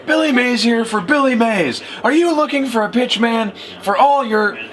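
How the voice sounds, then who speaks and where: A man putting on the voice of a loud, relentlessly upbeat middle-aged TV pitchman, with punchy sales delivery. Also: lively intonation, normal speed, a crowd in the background. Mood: hyped.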